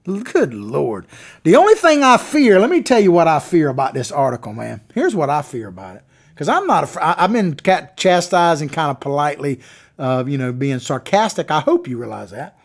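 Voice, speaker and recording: A man's voice: a little high, sing-song, normal speed. A man hosting a political talk show, delivering opinionated commentary in a folksy, sarcastic way. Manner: folksy, sarcastic, mocking impressions.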